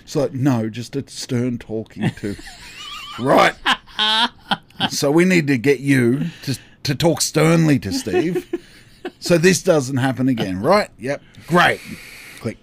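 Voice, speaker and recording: A man's voice: mid-range voice, slow, gravelly, slight background noise. A man in his thirties, a podcast co-host telling a story in casual chat, acting out the dialogue with laughs. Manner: animated, acts out dialogue with laughs.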